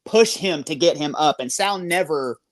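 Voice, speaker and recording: A man's voice: on the high side, normal speed. A man guest retelling an event step by step in conversation. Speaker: podcast guest, paranormal investigator. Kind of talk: storytelling in conversation.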